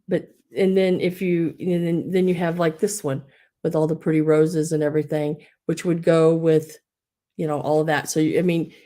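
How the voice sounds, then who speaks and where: A woman's voice: sits low, mellow. A woman hosting a casual live sale, rambling with many fillers and restarts, a little wheezy. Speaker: live online sale host. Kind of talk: casual live sales chat.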